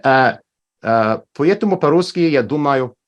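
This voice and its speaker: A man's voice: mid-range voice, expressive, normal speed, dull audio. A man teaching a language class over a video call, explaining patiently and checking in with "right?".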